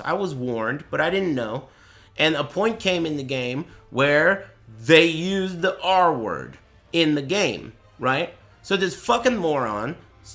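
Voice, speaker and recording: Talking to his chat through a desk mic, a male streamer reacts to a tournament in an animated, profane livestream rant. His slightly high voice jumps around and has a bright, sharp edge as he jokes and mocks.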